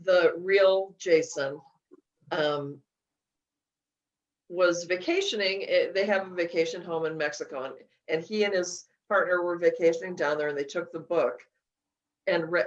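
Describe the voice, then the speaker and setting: A woman author being interviewed, talking casually and emotionally, laughing often and restarting her sentences. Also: lowish voice. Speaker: author guest. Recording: slightly dull lo-fi audio.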